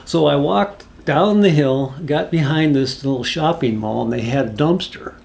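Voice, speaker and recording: Male storyteller, gravelly, folksy and rambling, casual anecdote delivery. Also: on the high side, normal speed, a little mellow.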